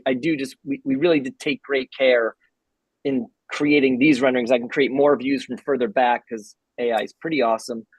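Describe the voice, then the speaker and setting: A man presenting building designs to a town commission, earnest and halting, with many restarts. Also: medium pitch, husky, dry recording, rough recording. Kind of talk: public meeting presentation.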